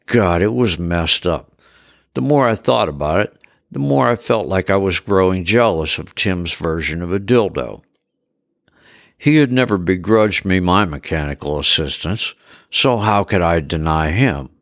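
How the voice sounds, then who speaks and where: A man narrates a first-person story in a wry, conversational manner. His voice sits very low. The recording is dry and close. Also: expressive, unhurried, no room sound.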